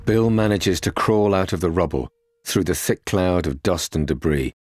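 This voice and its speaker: A man giving grave, measured scripted narration for a documentary. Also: deep voice, animated, a little mellow, no room sound, studio quality. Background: music.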